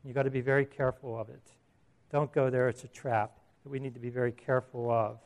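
A man's voice: medium pitch, level tone, fast talker, a little mellow. A middle-aged man preaching a sermon as a pastor, earnest and emphatic, asking his listeners questions.

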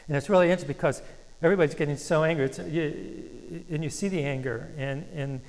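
A man preaching a sermon as pastor, earnest and halting with restarts, slowing down when he reads scripture aloud. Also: on the high side, a little mellow. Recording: long reverb of a hall.

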